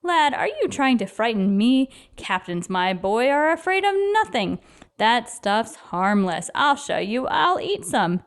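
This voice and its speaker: A vain storybook captain of the guards, pompous and scoffing, brushing off danger with lazy confidence, as a woman reads him aloud. His voice stays high and breezy. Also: sing-song, a little slow. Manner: pompous, dismissive.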